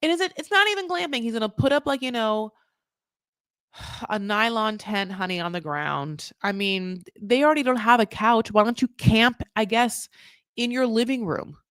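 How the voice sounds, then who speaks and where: A woman hosting a casual recap podcast, animated and sarcastic, swinging between loud outbursts and muttered asides. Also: a little high, normal speed, no echo, clean studio sound. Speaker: podcast host.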